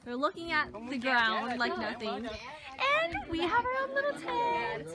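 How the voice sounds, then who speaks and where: A young woman chats to her camera in a high, lively voice, teasing her friends and narrating the day. She sounds excitable, with loud background noise from outdoors and stores all around. It is handheld vlog audio. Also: unhurried, a loud crowd. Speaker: vlogger. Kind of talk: casual vlog chat. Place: stores, campsite and beach, indoors and out.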